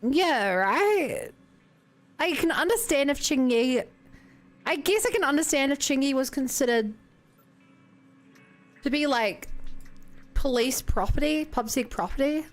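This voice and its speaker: A woman's voice: high-pitched, lively intonation, unhurried, pauses often. A young woman streaming a game, chatting casually and rambling as she reacts to chat. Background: game music.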